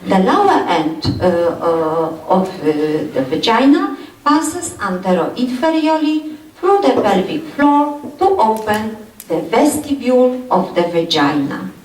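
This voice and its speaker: Halting woman lecturing in an echoey hall. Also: on the high side, big pitch swings, darkish tone, far from the mic. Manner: halting, many fillers and repeated "yes". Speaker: anatomy lecturer. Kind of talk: university lecture.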